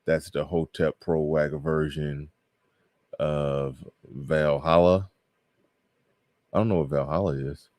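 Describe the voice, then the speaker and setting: A man's voice: rumbling low, steady tone, slow pace, long pauses, a little mellow, dry recording, clean studio sound. A man hosting a casual livestream, reading viewer comments aloud and riffing on them with frequent laughs. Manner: reads viewer super chats aloud and riffs; laughs often, trails off mid-thought. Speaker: livestream host.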